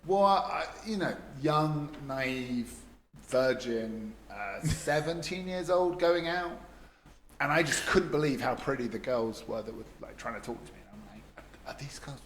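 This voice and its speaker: A man's voice: medium pitch, measured pace, slight background noise. A man co-hosting a casual podcast chat, telling a story with lots of laughs and acted-out quotes. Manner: animated storyteller, laughs often, acts out quotes. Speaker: podcast co-host.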